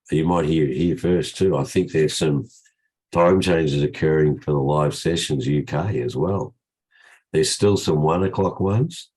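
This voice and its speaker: Very deep, husky older man. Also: warm tone. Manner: rambling, restarts often, chatty. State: croaky from a cold. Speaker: trading session host. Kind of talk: casual live trading session talk. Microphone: video call.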